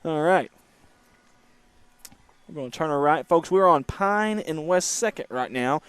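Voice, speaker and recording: A man's voice: fairly high pitch, expressive, measured pace, fairly bright tone, clear, resonant tone, no room sound. A man hosting a casual livestream from a moving car, chatting and reading viewer comments aloud. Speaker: livestream host. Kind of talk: casual driving livestream chat.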